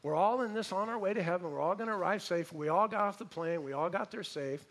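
A man preaching a sermon, telling a story in an animated way and praying. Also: high-pitched, fast. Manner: storytelling, animated, imitates voices.

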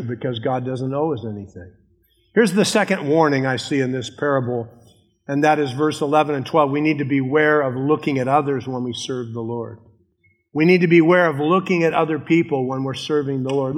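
Older pastor preaching in a reverberant hall. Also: male voice, a little high, husky. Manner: earnest preaching, repeats key phrases. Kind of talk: sermon.

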